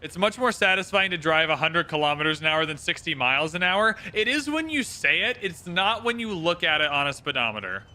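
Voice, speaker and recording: Young Canadian male streamer, upbeat chatter, fairly high and very bright voice. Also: big pitch swings, a little fast, few pauses. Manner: chatty, reads out viewers' locations, swears casually. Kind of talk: casual livestream chat while playing.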